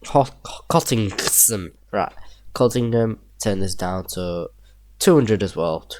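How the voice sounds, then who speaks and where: Lowish, a little slow, and slightly mellow, a young Yorkshire-accented man talks through his gameplay. He casually thinks aloud as he constructs a train map in a game, now and then chuckling to himself.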